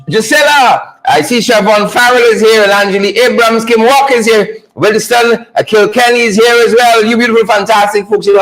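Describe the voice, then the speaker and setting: Male livestream host, high voice, teasing, repetitive. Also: fairly bright tone, rough recording. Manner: playful, teasing, repetitive, laughs often. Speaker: online show host. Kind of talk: casual live-stream talk.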